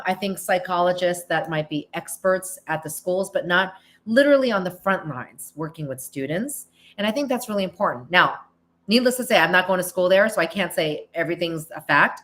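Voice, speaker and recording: Hosting her podcast, a middle-aged woman from the US chats through listener questions, frequently restarting and voicing little quotes. She sounds animated at a moderate pace, her voice on the low side and a touch bright.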